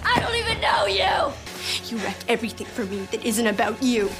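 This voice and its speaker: An actress playing a desperate, fierce teenage girl who shouts and pleads as she confronts her monstrous sister in a film clip. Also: fairly high pitch, big pitch swings, brisk. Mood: furious pleading. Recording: film clip with music underneath. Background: film score.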